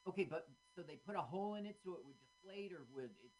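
Wry co-host with a lively voice. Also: medium pitch. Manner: wry, quick questions, dry wordplay. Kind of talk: casual movie-watching commentary.

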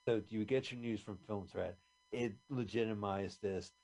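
Low-voiced man rambling about films. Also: steady tone, moderate pace, a little mellow. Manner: rambling, chatty, trivia-minded. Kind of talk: casual movie commentary chat.

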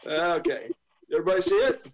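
Male host, higher voice, halting casual narrator. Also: sing-song. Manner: halting, many fillers and restarts. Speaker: host and narrator of a script read. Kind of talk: casual chat and stage-direction narration.

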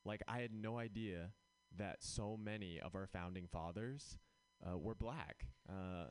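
A man doing stand-up one-liners with a dry, deadpan delivery. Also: low-pitched, a little slow. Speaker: stand-up comedian.

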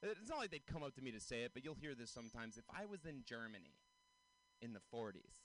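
Animated young man doing stand-up. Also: quick pace, a little hiss or hum, rough recording. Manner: animated, jumps into high squeaky voices for bits. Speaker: stand-up comedian. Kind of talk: stand-up comedy set. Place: outdoor comedy show.

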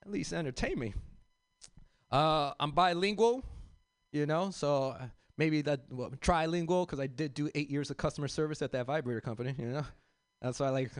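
A man's voice: on the high side, clean tone, dry recording, studio quality. A man from South Central Los Angeles doing a stand-up comedy set, talking loosely to the crowd with fillers and restarts and calling them "y'all.". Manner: rambling with many fillers and restarts.

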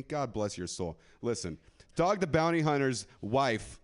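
A man's voice: medium pitch, sing-song, takes it slowly. A man doing a live stand-up set on a club stage, crude and rambling, often laughing at his own jokes. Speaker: stand-up comedian.

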